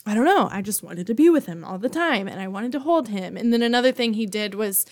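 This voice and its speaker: A woman's voice: mid-range voice, lively intonation, fast, darkish tone. A woman guest on a podcast, chatting candidly and casually, with the odd curse word. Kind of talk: casual chat.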